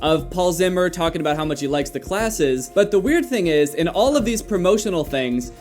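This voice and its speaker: A man's voice: sits high, expressive, brisk, darkish tone, soft background music. A man giving casual commentary, full of sarcastic, dry joking asides. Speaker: commentary YouTuber.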